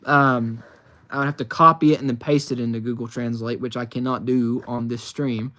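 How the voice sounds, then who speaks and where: A man's voice: mid-range voice, flat delivery, normal speed, fairly bright tone. A man from the United States streaming from his phone, reading chat questions aloud and answering in a chatty, rambling way with lots of fillers. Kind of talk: casual livestream chat.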